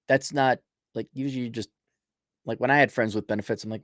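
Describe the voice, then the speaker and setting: Man, livestream host, blunt, sarcastic, animated pitch, dry mic. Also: moderate pace, long pauses, no echo. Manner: blunt, sarcastic, mocking asides. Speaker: podcast host reading viewer donations. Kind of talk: casual livestream chat.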